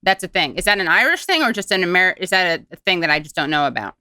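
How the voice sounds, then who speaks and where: A woman's voice: fairly low pitch, very animated, fast, sharp tone, no room sound, studio quality. A woman hosting a playful comedic panel chat, asking questions. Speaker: host.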